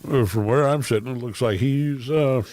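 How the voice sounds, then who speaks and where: A man's voice: mid-range voice, moderate pace, a little mellow. A man talking casually on his livestream, rambling with frequent ums and wry laughs. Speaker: streamer.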